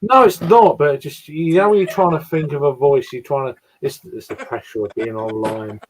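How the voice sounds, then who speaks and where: A man's voice: a little high, normal speed, a little hiss or hum. Giggly English man, stammering restarts. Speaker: live stream guest. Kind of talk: casual chat over drinks on a live stream.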